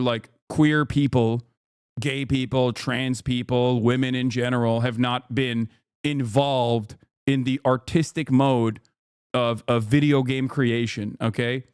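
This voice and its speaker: A man's voice: mid-range voice, darkish tone, clean tone, no room sound, studio quality. A man streaming reaction commentary, ranting emphatically with plenty of profanity.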